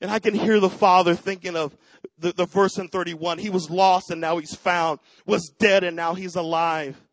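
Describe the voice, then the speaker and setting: A middle-aged pastor with a high voice preaches a sermon. He moves from quiet personal storytelling to loud, fervent declarations. The sound is dry, with little room around it. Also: steady tone, moderate pace, no room sound, poor audio.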